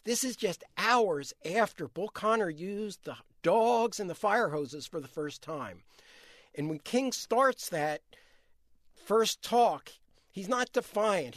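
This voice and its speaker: A man's voice: high-pitched, no echo, clean studio sound. A man, an author answering interview questions, telling history earnestly with frequent restarts.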